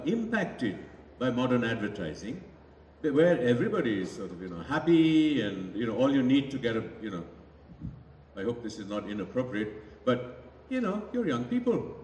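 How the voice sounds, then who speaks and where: A man from India answering audience questions at a summit in a reflective, anecdotal manner. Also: medium pitch. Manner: reflective, anecdotal, lively delivery. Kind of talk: public talk Q&A. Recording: echoey hall from far off, faint noise.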